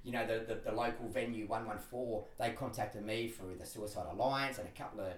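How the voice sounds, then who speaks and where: A man, a podcast guest telling stories in animated, laughing casual chat. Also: fairly low pitch. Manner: animated storytelling, quick and laughing. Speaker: podcast guest, personal trainer and speaker. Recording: roomy, a bit distant from the mic.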